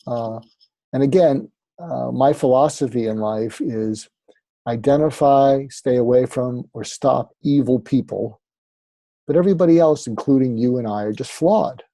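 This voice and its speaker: Dark-voiced male psychiatrist explaining. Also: medium pitch, a little slow, no echo. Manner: conversational, acts out sample dialogue, frequent fillers. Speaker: psychiatrist and author, interview guest. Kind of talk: explaining advice in an interview.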